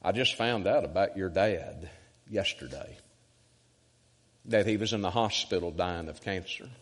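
Calm old pastor with a deep voice, a preacher putting him on, soft and slow, big echoey church. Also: male voice. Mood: soothing. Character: calm, gentle older male pastor with a deep voice.

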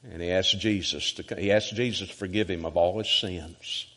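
A male evangelist preaching a sermon emphatically and rhythmically, swinging from loud to hushed. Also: low voice, steady tone, normal speed. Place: church sanctuary. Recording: church sanctuary with long reverb.

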